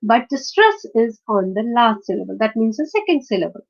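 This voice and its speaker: Female teacher, hesitant lecture delivery, full of fillers and corrections, drawn-out example words, slightly dull lo-fi recording. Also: a little high, big pitch swings. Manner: spells out and slowly stresses example words. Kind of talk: phonetics lecture.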